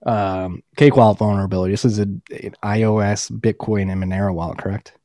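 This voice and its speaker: A man's voice: lowish voice, steady tone, a little fast, warm tone, no echo, studio quality. A man co-hosting a podcast in casual, profane banter, rowdy and laughing often. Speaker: podcast co-host.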